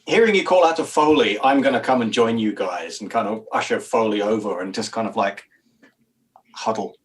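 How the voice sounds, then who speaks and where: A man's voice: fairly low pitch, a little fast. A man in a tabletop role-play, rambling conspiratorially in character as a jittery, paranoid spacer. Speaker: player.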